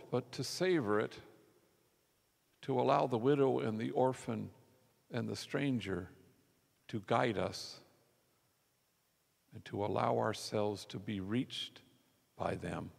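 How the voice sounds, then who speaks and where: A man with a gravelly, mid-pitched voice tells a story from the pulpit in an easy, conversational way. He acts out the lines of the people in his story. His voice rings with a long reverb through a large church. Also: takes it slowly, long pauses. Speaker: preacher. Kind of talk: sermon storytelling.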